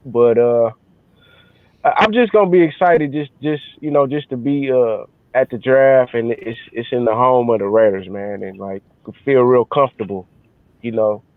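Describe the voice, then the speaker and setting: Relaxed male co-host on a tinny, dry call line, easygoing chat. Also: medium pitch, moderate pace, no echo. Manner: relaxed, easygoing, filler-heavy. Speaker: podcast co-host. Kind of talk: casual chat.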